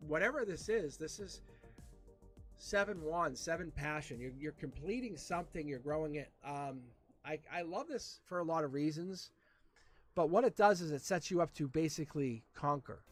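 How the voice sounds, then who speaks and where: A man giving a casual live tarot reading, animated and repeating himself with frequent restarts. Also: on the high side, moderate pace, soft background music. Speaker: tarot reader.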